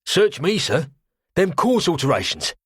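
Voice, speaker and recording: A man's voice: fairly high pitch, sing-song, measured pace, breathy edge, no room sound, clean studio sound, voice pushed up, full character voice. A man doing a wary cockney quartermaster. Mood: wary, deferential. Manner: clipped, deferential, says sir a lot. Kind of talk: audiobook character voice.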